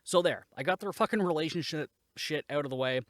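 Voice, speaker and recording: A man's voice: a little high, brisk, a bit bright, no echo. A man hosting a podcast, giving a casual, rambling and sarcastic spoken review, swearing freely. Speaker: podcast host, movie reviewer.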